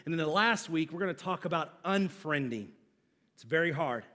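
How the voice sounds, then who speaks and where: A man's voice: on the high side, lively intonation, moderate pace, pushed and bright. A middle-aged man, a pastor, preaching a sermon in a church with a humorous, conversational storytelling manner.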